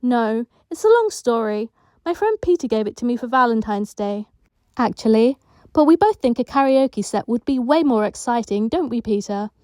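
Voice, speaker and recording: A woman's voice: normal speed, no echo, clean studio sound, close to an everyday voice. A woman voicing a bold, bossy ten-year-old girl in care, brash and boastful. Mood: eager. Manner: brash, boastful, shrill when excited.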